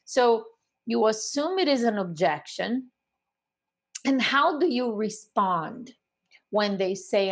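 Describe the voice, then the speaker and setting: A woman's voice: fairly high pitch, takes it slowly. A middle-aged woman coaching real estate agents, explaining phone technique and acting out calls along the way. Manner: animated, acts out phone calls. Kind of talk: coaching lesson to camera.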